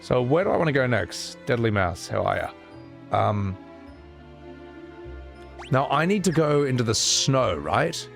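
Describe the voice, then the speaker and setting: Male streamer: chatty, lively voice, loose and profane; soft game music under him. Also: mid-range voice, a little slow, gravelly, pauses often. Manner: animated, rambling, swears freely. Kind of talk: casual gameplay commentary.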